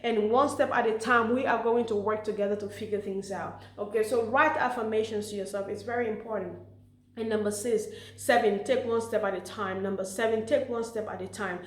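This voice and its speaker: A woman giving encouraging advice to mothers in an earnest, warm way, often saying "you know" and "okay". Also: medium pitch, steady tone, a little fast. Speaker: motivational speaker for mothers. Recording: echoey room.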